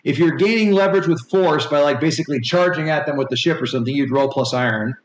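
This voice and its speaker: A man's voice: on the high side, quick pace. A man in his forties running a tabletop game and rambling through rules explanations with many fillers. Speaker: game master. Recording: echoey room with faint noise.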